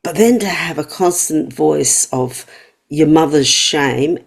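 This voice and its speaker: Low-voiced woman host. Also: slow, vocal fry, breathy edge. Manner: empathetic, affirming. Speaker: podcast host. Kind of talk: interview hosting.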